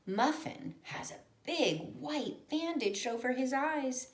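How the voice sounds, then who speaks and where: Slow, sing-song woman reading a children's story. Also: high voice, lively intonation. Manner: slow, playful, sing-song read-aloud with sound effects. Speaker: storybook reader and teacher. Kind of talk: storybook read-aloud for children. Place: at home. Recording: echoey room.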